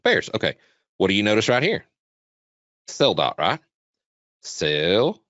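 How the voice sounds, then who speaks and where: Taking it slowly, a man with a fairly low voice and wildly swooping pitch presents a trading webinar, his tone fairly bright. He's chatty and repetitive, often quizzing the audience during a casual live chart walkthrough. No echo, but the webinar audio is dull and lo-fi.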